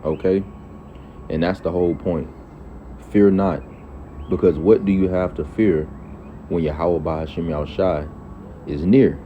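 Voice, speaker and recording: A man's voice: deep voice, steady tone, normal speed. A man giving a casual Bible teaching. He reads scripture aloud, then explains it in loose everyday speech full of "all right" and "okay.". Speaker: preacher. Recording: dull lo-fi audio with faint traffic noise.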